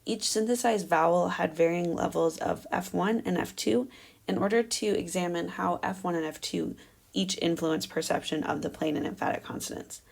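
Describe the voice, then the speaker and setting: A woman's voice: lowish voice, moderate pace, gravelly, a little mellow. A young adult woman giving an academic research presentation, explaining carefully with frequent fillers. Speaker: doctoral candidate presenting research.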